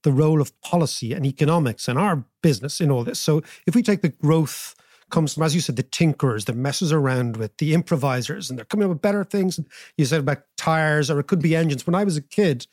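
A man's voice: on the high side, fast, a little mellow, no room sound, studio quality. A man hosting a podcast interview, asking long rambling questions full of asides and anecdotes. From Ireland. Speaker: podcast host.

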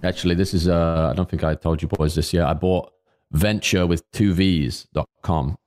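Deep-voiced laid-back man. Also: fairly even intonation, normal speed, a little mellow. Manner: laid-back, rambling with fillers. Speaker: podcast co-host. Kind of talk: casual chat.

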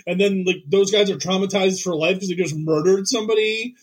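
A man's voice: sits high, fairly even intonation, fairly quick, breathy edge, rough recording. A man co-hosting a podcast in casual comedic chat, rambling with lots of "like" and acting out quotes. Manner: rambling, heavy use of "like", acts out quotes. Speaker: podcast co-host.

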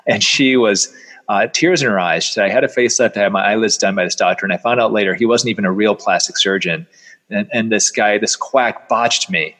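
A middle-aged man, a plastic surgeon, telling a story in an animated way and acting out the voices of the people in it. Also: a little fast. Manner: acts out quoted voices, rises sharply in pitch when incredulous.

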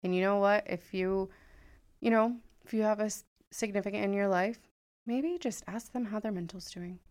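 A woman's voice: mid-range voice, moderate pace, a little mellow. A woman co-hosting a casual podcast chat, supportive and emphatic, often stressing her points. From Connecticut, United States. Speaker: podcast co-host.

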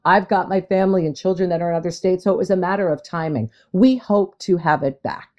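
Brassy, playful woman guest, lower voice. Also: darkish tone, lo-fi sound. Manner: brassy, playful, quick to laugh. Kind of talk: casual chat.

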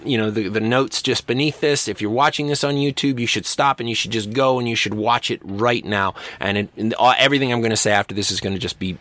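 A man's voice: mid-range voice, dry recording. A man teaching a university writing class in a recorded lecture, talking casually and acting out quoted voices. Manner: animated, acts out quoted voices. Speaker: university English instructor.

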